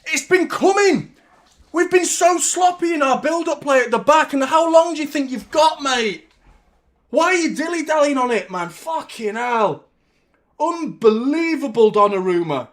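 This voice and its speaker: Excitable high-voiced male football fan. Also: moderate pace. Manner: excitable, partisan, swears, shouts at big moments. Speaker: fan watchalong host. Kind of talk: live fan commentary on a match.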